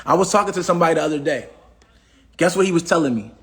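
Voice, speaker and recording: Preachy high-voiced man with AAVE. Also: animated, racing. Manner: preachy, repetitive, asks the audience questions. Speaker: motivational speaker on a livestream. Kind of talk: casual motivational talk.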